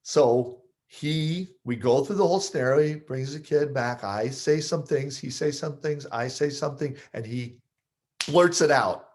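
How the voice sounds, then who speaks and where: Animated storytelling man, mid pitch. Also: measured pace. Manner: animated storyteller, acts out scenes. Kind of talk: explaining with stories, podcast talk.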